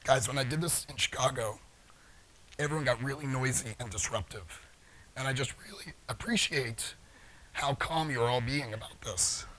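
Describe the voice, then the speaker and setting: A man's voice: medium pitch, normal speed, fairly bright tone. A middle-aged man giving a live talk in a large conference hall, joking playfully with the audience. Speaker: conference speaker.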